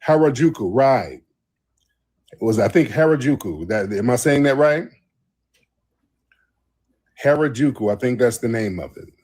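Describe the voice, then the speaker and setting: Husky man hosting a loose livestream, mid-pitched, rambling and profane. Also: expressive, normal speed, darkish tone. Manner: rambling storytelling laced with profanity. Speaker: host. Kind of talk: casual livestream chat.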